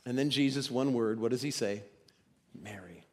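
A man preaching a sermon, moving between loud emphasis and hushed, dramatic quotes. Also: medium pitch, fairly even intonation, brisk, in a large hall.

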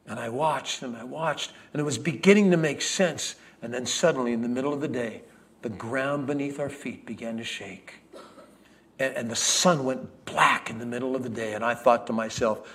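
An actor playing an earnest, grieving first-century lamb merchant in a dramatic first-person monologue, swinging from loud proclamation to hushed whispers. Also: male voice, medium pitch, moderate pace, natural voice. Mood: wondering. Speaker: actor in a Bible character monologue.

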